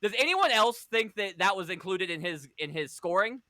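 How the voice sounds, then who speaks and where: A man's voice: high voice, expressive, sharp tone, no room sound, clean studio sound. A man hosting a casual podcast, narrating backstage scenes and arguing over scores with a laugh and the odd swear. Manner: quick, defensive, laughing, swears. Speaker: podcast host, storyteller of a fantasy wrestling league.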